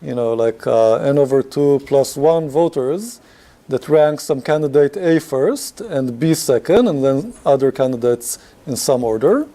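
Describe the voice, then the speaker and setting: Lecturer man with a mellow voice. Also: fairly high pitch. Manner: conversational, many fillers, asks class questions. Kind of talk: university lecture.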